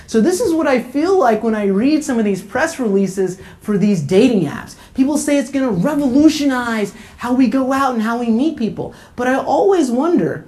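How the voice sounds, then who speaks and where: A woman's voice: a little high, darkish tone. A woman doing a stand-up comedy routine in a sarcastic, punchy way, tagging her jokes with "okay?" and "right?". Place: comedy venue with live audience.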